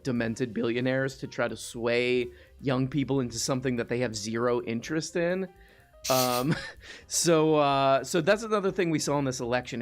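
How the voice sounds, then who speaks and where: Male host, 30s, live-stream chat; rambly, restarts a lot, middle pitch, light music bed. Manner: rambling, frequent restarts, reads chat aloud.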